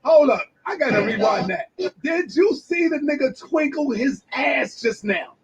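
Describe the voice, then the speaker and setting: A man in a brash, swearing reaction rant with loud outbursts, heard through dull lo-fi clip audio. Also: extremely high pitch, expressive, unhurried, slight background noise. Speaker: commentator reacting to a video.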